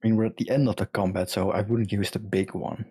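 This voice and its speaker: A man's voice: fairly low pitch, steady tone, fast, dark tone, husky. A man playing an online tabletop game, laid-back and matter-of-fact. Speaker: player. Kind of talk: casual tabletop play.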